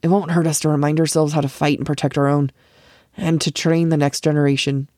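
A woman's voice: low voice, flat delivery, brisk, a little mellow, no echo, studio quality, natural voice. A woman reading the part of a doubting older village man and father. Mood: stern. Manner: stern, doubting.

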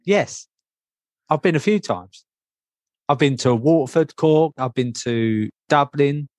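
A man's voice: on the high side, slow, a little mellow, dry recording. A man co-hosting a podcast, chatting casually in an easygoing, agreeable way. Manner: easygoing, agreeable, laughs along. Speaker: podcast co-host. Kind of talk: casual chat.

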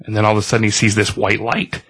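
A man casually recapping a comic book story in a relaxed, rambling way. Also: lowish voice, fast, slightly rough. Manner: relaxed, rambling retelling with fillers.

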